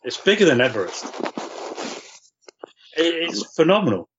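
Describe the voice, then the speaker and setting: A man's voice: on the high side, very animated, normal speed, muffled recording, noisy background. A man, a podcast guest, chatting casually about football and pressing his point insistently.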